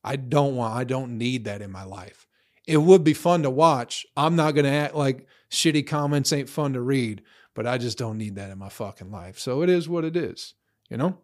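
A man's voice: mid-range voice, normal speed, darkish tone. A young man in a profane, rambling casual rant, blunt, tossing in "bro" and "you know" often. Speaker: vlogger.

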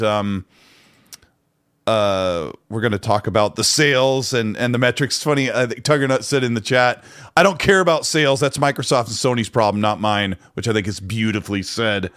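A man's voice: medium pitch, a bit bright. A man co-hosting a casual gaming podcast, talking in a rambling way with frequent restarts. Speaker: co-host.

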